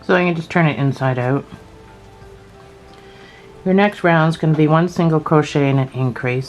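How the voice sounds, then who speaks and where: A Scottish woman explaining crochet steps in a relaxed, chatty way, thinking aloud and joking at her own expense. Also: rumbling low, lo-fi sound. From Scotland. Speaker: crochet teacher. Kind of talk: casual step-by-step craft tutorial.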